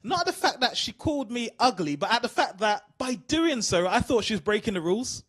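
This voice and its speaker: High-voiced bright British comic. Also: male voice, brisk. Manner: animated storytelling, asks the crowd. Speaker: stand-up comedian. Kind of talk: stand-up routine.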